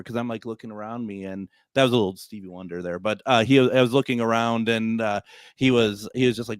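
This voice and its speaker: A man's voice: mid-range voice, clean tone, dry recording, clean studio sound. A man hosting a casual livestream chat, joking and laughing a lot. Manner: jokey, laughs a lot, puts on quick voices for friends. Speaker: host.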